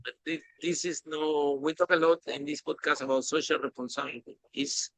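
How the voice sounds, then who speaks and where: Excitable man hosting a podcast. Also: on the high side, brisk, creaky, no echo, rough recording. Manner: animated, emphatic, non-native phrasing. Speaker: podcast host. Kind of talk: casual interview chat.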